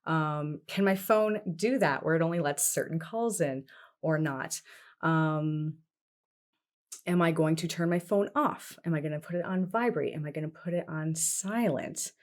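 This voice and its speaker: A woman from Canada, a therapist guest on a podcast, explaining things calmly with strings of questions. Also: low-pitched, unhurried. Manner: explains steps with strings of questions, calm and instructive. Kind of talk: podcast conversation.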